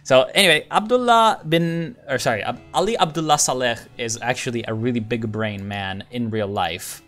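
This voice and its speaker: A man's voice: medium pitch, moderate pace, a bit bright, faint music behind. A man giving casual, rambling commentary over a strategy game, often breaking off mid-sentence and swearing. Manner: rambling, self-interrupting, swears, laughs often. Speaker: game streamer.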